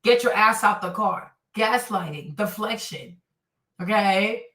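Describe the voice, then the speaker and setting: A woman's voice: medium pitch, lively intonation, unhurried, sharp tone. A woman hosting casual reaction commentary. She talks straight to her viewers and acts out what the people she discusses say. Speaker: commentary host. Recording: roomy and slightly distant.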